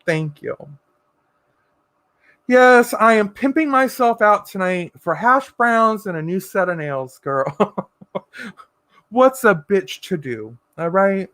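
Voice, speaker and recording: Sassy high-voiced man chatting on a livestream. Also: lively intonation, a bit bright, dry recording, studio quality. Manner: sassy, campy, drawn-out endearments; reads viewer comments aloud. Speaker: livestream host. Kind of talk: casual livestream chat.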